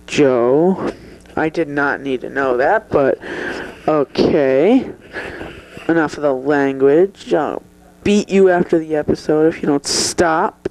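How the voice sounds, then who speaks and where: A performer playing a prim male talk-show interviewer who scolds his guest and asks questions slowly. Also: mid-range voice, a little mellow, close to an everyday voice, poor audio. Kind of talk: improvised comedy sketch interview.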